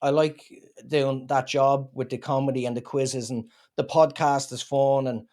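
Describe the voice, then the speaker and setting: A man with an Irish accent, a comedian chatting in an interview and telling rambling, animated stories. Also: mid-range voice, unhurried. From Ireland. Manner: rambling, animated storytelling with acted-out quotes. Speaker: comedian guest. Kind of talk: casual interview chat.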